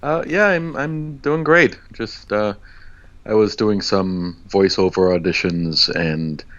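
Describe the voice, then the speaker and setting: A man who is a voice actor, guesting on a casual podcast, relaxed and chuckling between answers. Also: lowish voice, slow pace, dull audio.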